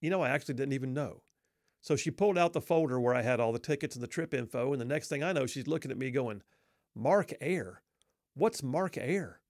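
A middle-aged man with a drawl tells a funny story on himself, folksy and wry. His voice sits at an ordinary pitch, recorded close and dry with no room around it. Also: fast, a little mellow, dry recording. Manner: wry, self-deprecating, folksy. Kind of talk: humorous personal storytelling.

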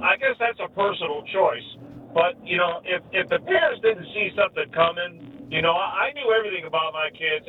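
A man calling in to a talk radio show, emotional, rambling and halting as he speaks. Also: high-pitched. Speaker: caller. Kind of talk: emotional phone-in call. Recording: tinny distant phone line.

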